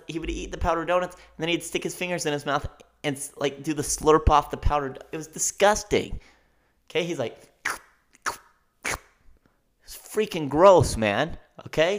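A young man hosting a podcast, telling a story in an animated, ranting monologue and often asking "okay?". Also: mid-range voice. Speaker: podcast host.

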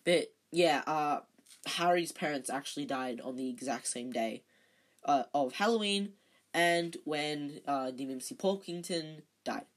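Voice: mid-range voice, measured pace. Stumbling, chatty amateur reader of a novel. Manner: stumbling, self-correcting, chatty asides. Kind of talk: reading a novel aloud.

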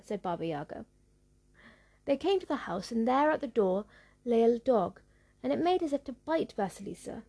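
A woman narrating a folktale in a measured, rhythmic storybook reading. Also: on the high side, lively intonation, creaky, breathy edge.

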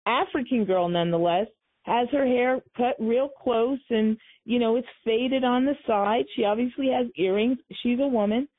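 Woman, talk show host, husky voice, slightly high pitch, emphatic and repetitive, tinny phone-line sound. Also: normal speed. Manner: emphatic, repeats key points. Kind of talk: conversational commentary.

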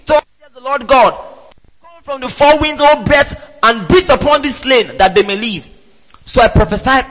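A man preaching a sermon in an emphatic way, with rhetorical questions and sudden loud exclamations. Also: very high-pitched, sing-song, unhurried. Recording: reverberant hall.

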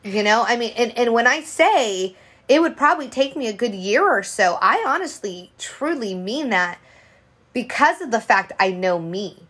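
A woman's voice: a little high, expressive, moderate pace, fairly bright tone. A woman in her thirties co-hosting a podcast, talking frankly and profanely in a rambling casual chat full of restarts. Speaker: podcast co-host.

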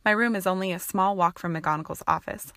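A woman's voice: fairly low pitch, fairly quick, fairly bright tone, dry recording, clean studio sound. A woman voicing a polite, subdued young student witch.

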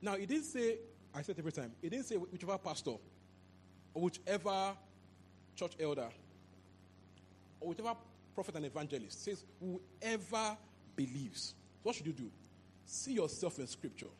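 A man preaching a sermon into a handheld mic, animated and repetitive, often asking if the listeners understand. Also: high-pitched, normal speed, long pauses, slight background noise. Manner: animated, repeats phrases, asks "you understand?". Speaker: pastor.

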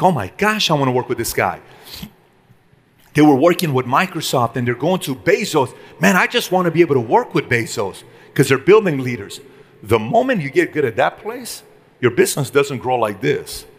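A middle-aged man giving an energetic motivational talk to a live audience, firing rhetorical questions at the room. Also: fairly high pitch. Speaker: business speaker.

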